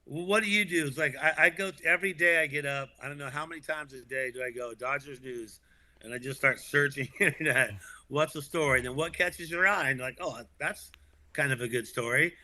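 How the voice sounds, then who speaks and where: Bright-voiced man talking sports. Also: on the high side, a little fast. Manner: animated, laughs often, restarts. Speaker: podcast co-host. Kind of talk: casual sports chat.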